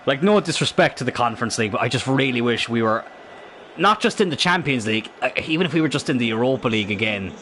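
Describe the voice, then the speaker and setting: A man commentating on his own football video game live, excitable and rambling, swearing at the game. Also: medium pitch, quick pace, slight background noise. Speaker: game streamer.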